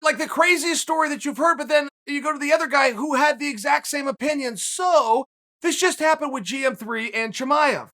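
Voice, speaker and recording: High, bright-voiced male host. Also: a little fast. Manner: animated storytelling, conversational asides. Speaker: podcast host. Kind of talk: casual commentary monologue.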